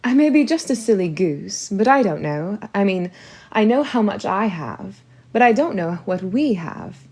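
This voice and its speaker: A woman's voice: medium pitch, lively intonation, unhurried, darkish tone. A woman reading an audiobook, voicing a fretful new stepmother with a pouty, whiny manner. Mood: alarmed. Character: bumbling, fretful new stepmother who pouts and wails.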